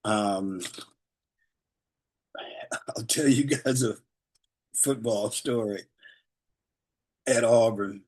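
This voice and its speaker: An older man, a guest speaker, tells stories to a group in a relaxed, rambling way and chuckles often. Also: fairly low pitch, extremely slow, long pauses. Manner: relaxed, rambling delivery with fillers. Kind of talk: storytelling anecdotes to a group.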